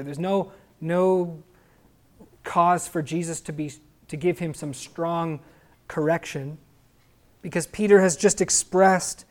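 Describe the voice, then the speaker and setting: A man's voice: high-pitched, a little mellow. Emphatic male preacher asking rhetorical questions. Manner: stretches key words slowly for stress. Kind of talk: sermon.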